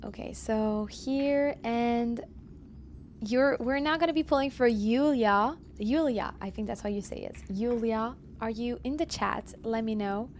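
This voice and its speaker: A woman's voice: a little high, measured pace, slight background noise. A woman live-streaming from home, chatting casually and answering viewers as she plays. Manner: chatty, reads chat aloud and answers viewers.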